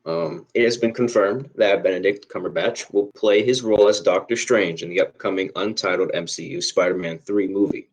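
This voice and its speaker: A man's voice: low-pitched, brisk, few pauses, poor audio. A young man cohosting a casual podcast, speaking hesitantly with many fillers. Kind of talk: casual chat.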